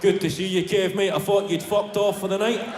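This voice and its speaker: A man doing a shouting, hyped phone buddy. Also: brisk, noisy background, lightly acted. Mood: matey. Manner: shouting, high-pitched, excitable. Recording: live comedy hall, crowd laughter.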